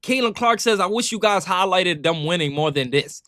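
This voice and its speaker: Reaction host, male, high bright voice, heated rant. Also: moderate pace. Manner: animated, keeps asking "right?".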